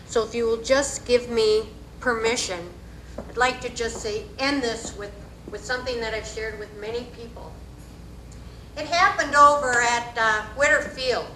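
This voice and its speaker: A woman giving an animated, folksy storytelling speech at a community event in a hall. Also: a little high, a little slow, slight background noise. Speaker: community speaker. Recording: echoey hall.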